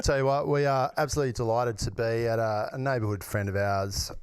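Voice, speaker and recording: An excitable Australian podcast host greets his guests in a matey, casual style. His voice sits at a middling pitch. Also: fairly quick, clean tone. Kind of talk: casual interview chat.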